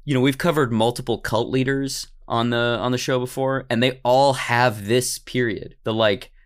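A man's voice: mid-range voice, steady tone, moderate pace, clear, resonant tone. A man co-hosting a podcast, chatting casually and joking about the topic. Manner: playful, slips into joking silly voices. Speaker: podcast co-host. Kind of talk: casual comedic podcast chat.

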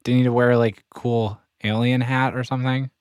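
A man co-hosting a podcast in casual chat, self-deprecating and halting, with frequent restarts. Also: medium pitch, level tone, a little mellow, smooth, no room sound, studio quality. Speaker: podcast co-host.

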